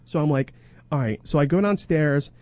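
Rambling radio co-host, dry studio sound. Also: male voice, a little high, normal speed, darkish tone, no room sound. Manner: rambling, self-interrupting, laughs often. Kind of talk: casual radio banter and ad reads.

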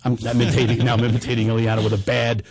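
A man's voice: mid-range voice, completely flat delivery, racing, darkish tone. A middle-aged man hosting a comedy show, telling rambling, self-deprecating personal stories in a bombastic, casual way. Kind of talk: casual chat and personal storytelling.

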